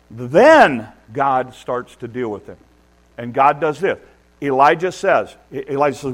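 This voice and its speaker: A man's voice: mid-range voice, animated, normal speed, fairly bright tone. A man preaching a sermon in an earnest, conversational way, building emphasis as he makes his points. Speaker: pastor. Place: church.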